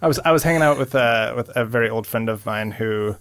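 A man co-hosting a podcast in casual, halting chat, often restarting his sentences. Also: mid-range voice, fairly bright tone, no echo. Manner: hesitant, restarts and trails off. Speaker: podcast co-host.

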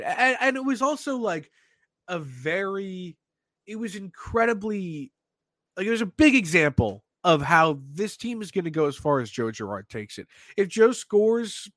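A man hosting a sports podcast, talking in an animated, excitable way with lots of restarts. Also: high-pitched, no room sound. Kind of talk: casual sports talk.

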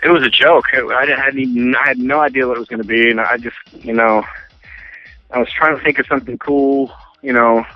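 A man's voice: medium pitch, steady tone, a little fast, dry recording. A man telling his story as an interview guest, rambling with many restarts and acting out quotes. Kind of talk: casual storytelling. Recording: tinny phone line, faint music.

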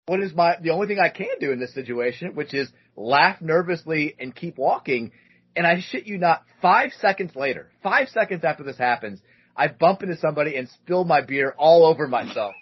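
Male podcast host, 30s, husky, animated storyteller, muffled audio. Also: on the high side, moderate pace. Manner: animated storyteller, acts out other voices with lots of "like". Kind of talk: casual storytelling chat.

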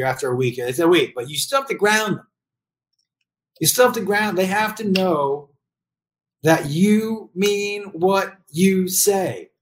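A middle-aged parent giving blunt, profane advice on raising kids in a casual comedic rant. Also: medium pitch.

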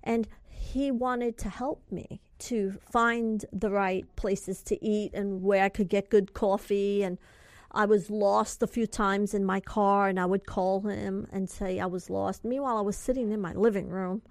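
A woman in her forties from California, a guest telling a tense story in an interview, lively and confiding. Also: medium pitch, unhurried, no echo, clean studio sound. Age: 40s.

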